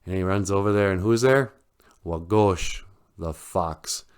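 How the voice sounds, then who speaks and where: A male podcast host retelling a children's story and reviewing a book in a relaxed, casual way, with many fillers and chuckles. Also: deep voice, measured pace, clear, resonant tone.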